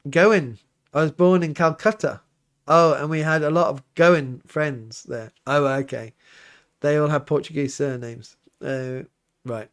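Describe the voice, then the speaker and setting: A man, a priest hosting a relaxed livestream, reading viewer comments aloud and chatting back with an easygoing, often laughing manner. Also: on the high side, a little slow. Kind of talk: casual livestream chat. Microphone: livestream mic.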